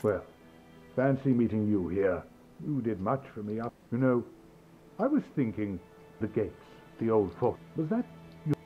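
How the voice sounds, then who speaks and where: An actor playing a jolly, bumbling middle-aged knight in a video game, cheerful and polite in a drawn-out way. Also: male voice, lowish voice, sing-song. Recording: tinny, lo-fi game audio with music.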